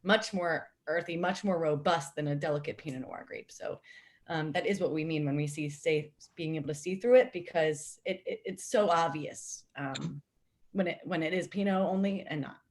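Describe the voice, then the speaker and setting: A woman with a fairly low voice joins a video call as a guest wine expert. She explains grapes and labels in a relaxed, informative manner. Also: normal speed. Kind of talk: casual chat.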